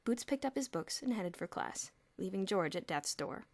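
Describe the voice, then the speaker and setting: Expressive woman reading a storybook. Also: medium pitch, moderate pace, no echo. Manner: expressive, lip-smacking. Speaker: audiobook reader. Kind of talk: storybook narration. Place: home room with traffic nearby.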